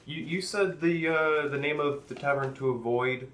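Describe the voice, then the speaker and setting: A man's voice: a little high, normal speed, fairly bright tone, roomy sound, recorded from a distance, slight background noise. A man playing a tabletop game, asking the game master questions with dry asides. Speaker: player. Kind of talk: casual tabletop play.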